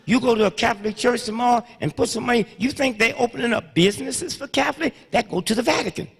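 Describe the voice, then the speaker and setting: A man in his seventies giving a fiery lecture full of storytelling, swinging between hushed murmurs and loud outbursts, with rhythmic call-outs to the audience. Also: extremely high pitch, fast, creaky, slightly rough. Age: 70s. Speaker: speaker addressing an audience. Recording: long reverb of a large hall.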